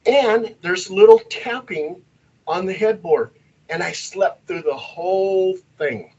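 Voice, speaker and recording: A male paranormal investigator telling stories in casual chat, animated and acting out the voices in them. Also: sits high, slow pace, slightly rough, lo-fi sound. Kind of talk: casual storytelling.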